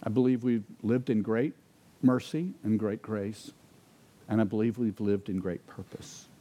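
A man preaching a sermon, asking rhetorical questions and dropping to quiet intensity for emphasis. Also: lowish voice, steady tone, a little slow. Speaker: pastor.

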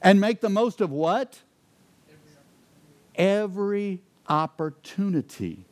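A man preaches a sermon in a fairly high voice. He asks the congregation rhetorical questions and sinks to a hushed, intense tone to drive points home. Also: lively intonation, slow. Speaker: pastor.

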